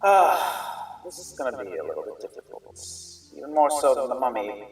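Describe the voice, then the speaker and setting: A man's voice: medium pitch, sing-song, quick pace, dark tone, close to an everyday voice. A man voicing a shrewd, formal male merchant alchemist who speaks in stilted, hesitant phrases. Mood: formal bargaining. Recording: roomy sound, distant mic, faint music.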